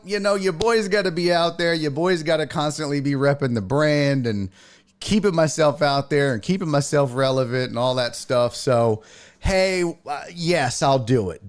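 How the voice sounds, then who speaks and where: A man hosting a sports talk show, chatting casually in an animated, profane way that jumps between tangents. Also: a little high, smooth. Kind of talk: casual chat.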